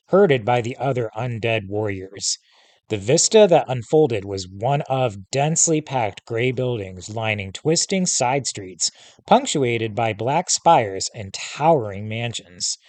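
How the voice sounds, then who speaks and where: A man's voice: mid-range voice, darkish tone, no echo. Man reading a story aloud, dry sound. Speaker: teacher reading a novel aloud. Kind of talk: storybook narration.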